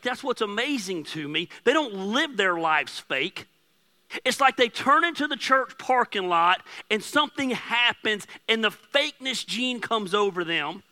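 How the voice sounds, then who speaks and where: A man preaching a sermon as pastor while losing his voice, hoarse, blunt and joking with emphatic delivery. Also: high voice, lively intonation, unhurried, sharp tone.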